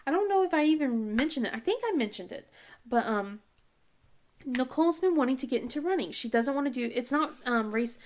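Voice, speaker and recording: A chatty woman in her thirties with a Southern US twang and a fairly high voice. She tells family stories in a relaxed vlog chat while crafting, laughing often and acting out the voices of her family. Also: fairly quick. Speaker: crafting vlogger. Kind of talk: casual chat while diamond painting.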